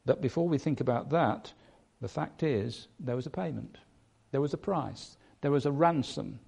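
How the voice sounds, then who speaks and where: A man preaching a sermon, emphatic, stressing points by changing his loudness and pace. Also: mid-range voice, normal speed, creaky, husky.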